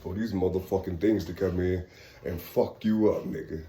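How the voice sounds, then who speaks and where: A man voicing a menacing figure who threatens to unleash spirits, spoken low and hushed. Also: steady tone, moderate pace, roomy sound, slight background noise, lightly acted.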